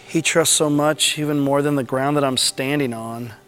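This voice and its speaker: A man playing an anxious, fussy male disciple who whines and frets out loud, in a comedic skit. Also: high voice, very animated, normal speed, faint music behind. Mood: subdued. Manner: whiny and nervous, fretting aloud.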